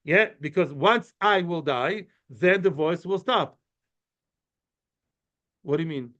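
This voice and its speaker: Guy with a high voice giving a chatty class, lots of "you know"s, muffled lo-fi sound. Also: takes it slowly, fairly bright tone. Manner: chatty, explains with many fillers and asides; answers questions from students. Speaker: Talmud teacher. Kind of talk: informal study-class lecture. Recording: muffled lo-fi recording.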